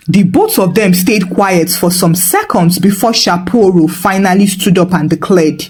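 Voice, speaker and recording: A woman's voice: medium pitch, unhurried, hardly any pauses, a little mellow. A woman with a Nigerian accent telling a comic story in playful scripted narration, sprinkled with Pidgin.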